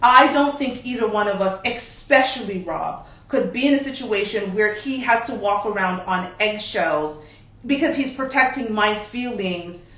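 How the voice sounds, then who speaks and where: Blunt, lively woman co-hosting, echoey room. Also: medium pitch, moderate pace. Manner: blunt, animated, laughs often. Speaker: podcast co-host. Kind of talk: candid couple's chat. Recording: echoey room, distant mic.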